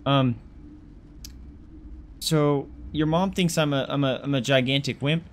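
A man narrating his own horror game run in a loose, joking way. He talks to the items he carries and admits how scared he is. His pitch sits in the middle range, with a faint hiss of noise behind him. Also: fairly even intonation, unhurried. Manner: jokey, talks to objects in the game, easily spooked. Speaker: let's play gamer. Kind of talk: casual horror game commentary.

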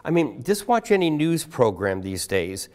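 A man preaching a sermon as guest pastor, putting rhetorical questions to the congregation and slowing down to stress key words. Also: mid-range voice, big pitch swings, a little mellow.

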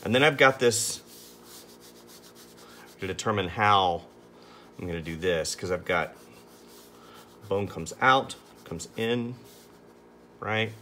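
A man with a fairly low, bright and forceful voice chats through a drawing tutorial while sketching, amused at himself. He speaks slowly and pauses often.

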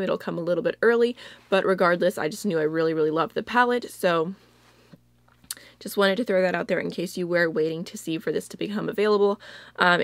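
With a fairly low pitch and a dry recording, this young woman chats away as a beauty vlogger. Her casual talk is packed with filler words such as "like" and "really, really."

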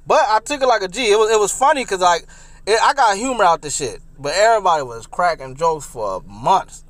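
A young man recounts a comic personal story in a high voice. He is animated and profane, and he repeats phrases as he goes. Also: fairly quick, no room sound.

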